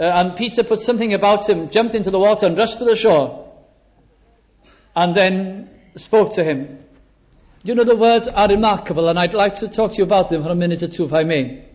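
Male preacher, high voice, slow emphatic delivery with dramatic pauses, dull lo-fi recording. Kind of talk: sermon.

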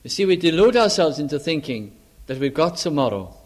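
A man preaching a sermon earnestly, repeating phrases for emphasis and pausing with frequent fillers. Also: a little high, very animated.

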